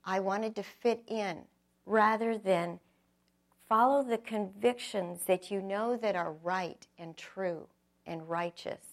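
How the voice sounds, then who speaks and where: Gravelly, earnest woman telling her testimony. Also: mid-range voice, slow pace. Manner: earnest, reflective, storytelling with acted quotes. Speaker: speaker giving a testimony. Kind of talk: personal testimony talk.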